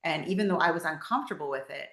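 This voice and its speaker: A woman chatting casually on a faith podcast, telling stories in an animated way with lots of fillers. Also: sits low, rapid-fire. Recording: roomy echo.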